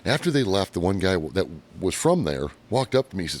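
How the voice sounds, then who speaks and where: A man's voice: deep voice, quick pace. A man from Michigan with a Michigan accent, co-hosting a casual garage-talk podcast and telling stories animatedly. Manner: animated storyteller, restarts sentences. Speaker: podcast co-host. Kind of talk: casual chat.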